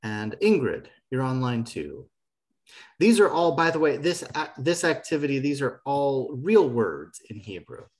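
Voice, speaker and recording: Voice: medium pitch, sing-song, unhurried. Patient online Hebrew teacher. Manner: patient, encouraging corrections. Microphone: video call.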